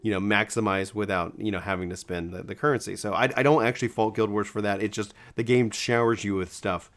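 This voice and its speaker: A man's voice: on the low side, fairly even intonation, fairly quick, fairly bright tone. A gaming video creator talking casually to his viewers, rambling and self-correcting with enthusiasm, his voice cracking now and then. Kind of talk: casual talk to camera.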